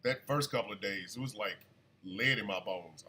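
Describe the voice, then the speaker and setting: A man hosting a casual live radio show, chatty and animated, still congested from an illness. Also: medium pitch, brisk. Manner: chatty, animated, shouts at his dogs. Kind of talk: casual livestream talk radio.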